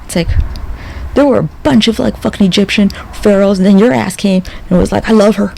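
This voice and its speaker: A man's voice: sits high, a little fast, gravelly, dark tone, a little hiss or hum, rough recording. A man hosting a podcast, talking in a casual, rambling monologue full of profanity and sardonic asides. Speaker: podcast host.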